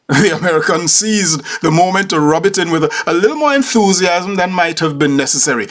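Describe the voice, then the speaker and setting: A man's voice: high voice, animated, normal speed, a bit bright. A man hosting a podcast, delivering a humorous scripted monologue with formal, precise diction. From Caribbean. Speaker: podcast host.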